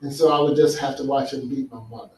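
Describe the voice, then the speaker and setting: A man's voice: mid-range voice, steady tone, quick pace, a little mellow. A man giving an earnest conference talk, telling stories and asking the audience questions. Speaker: speaker. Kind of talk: conference talk on men's healing. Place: large hall with an audience. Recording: echoey hall, speaker far from mic.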